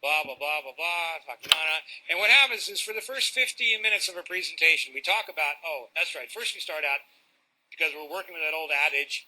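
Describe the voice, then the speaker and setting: A man coaching an audience on presenting, animated and demonstrative, asking rhetorical questions. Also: fairly high pitch, fast, rough recording. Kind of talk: live talk to an audience.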